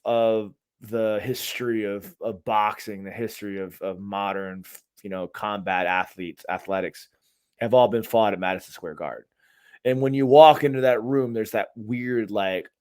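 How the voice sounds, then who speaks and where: Fairly low in pitch and recorded dry, a male podcast co-host rambles through casual conversation. He's profane and loose, frequently backing up to restart his thoughts.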